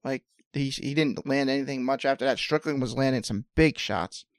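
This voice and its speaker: A man co-hosting a podcast, answering in relaxed, brief takes and often stammering as he starts. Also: mid-range voice, moderate pace, no room sound, studio quality. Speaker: podcast co-host. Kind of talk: casual podcast chat about fight scoring.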